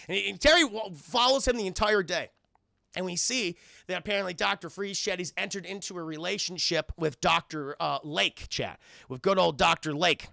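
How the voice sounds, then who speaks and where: A man streaming a cartoon review, recapping scenes in a lively, profane way and talking to his chat. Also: sits high, normal speed, vocal fry, dry recording, studio quality. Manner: animated, profane, recaps scenes with put-on voices. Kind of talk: casual chat with live chat.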